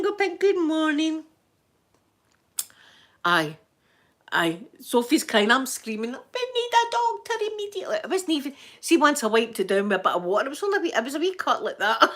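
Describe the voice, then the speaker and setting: A middle-aged Scottish woman chatting to her viewers, telling stories and acting out her own panicked screaming in sudden high bursts. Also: fairly bright tone. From Scotland. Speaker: live-stream host. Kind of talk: casual storytelling chat to viewers.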